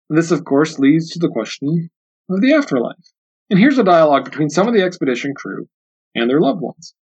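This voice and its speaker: Earnest man hosting a book podcast. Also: fairly high pitch. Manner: earnest, repeats himself while thinking aloud. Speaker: podcast host. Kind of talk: book discussion podcast with Christian reflection. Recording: dull lo-fi sound.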